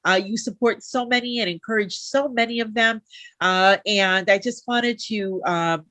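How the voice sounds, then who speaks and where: A woman's voice: medium pitch, moderate pace, pushed and bright, dry recording. A woman hosting a live interview show, heartfelt and chatty, with many fillers. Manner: heartfelt, lots of fillers and restarts. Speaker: talk show host.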